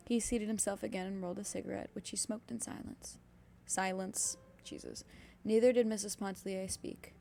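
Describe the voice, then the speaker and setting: A woman's voice: medium pitch, steady tone, moderate pace, creaky, dark tone, faint music behind. A young woman streaming herself reading a classic novel aloud, breaking off into cursing asides. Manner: reads steadily with sudden cursing asides.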